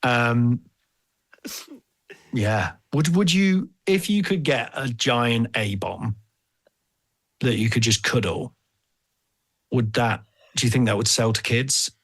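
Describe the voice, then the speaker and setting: A man hosting a podcast, chatting casually in an animated, rambling, jokey way. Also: medium pitch, slow pace, pauses often, breathy edge. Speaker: podcast host.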